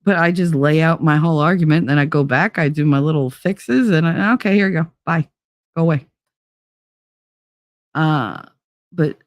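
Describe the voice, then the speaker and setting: A woman's voice: lowish voice, dry recording, studio quality. A woman hosting a livestream talk show, chatting casually with her audience as a blunt, profane, laughing storyteller who slips into put-on accents. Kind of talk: casual chat to a live chat audience.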